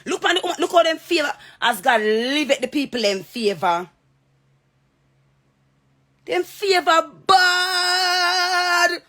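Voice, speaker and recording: A woman's voice: a little high, very animated, brisk, few pauses, a bit bright. A woman with a Jamaican accent in a direct-to-camera rant, heated, confrontational and repeating herself. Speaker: social media personality.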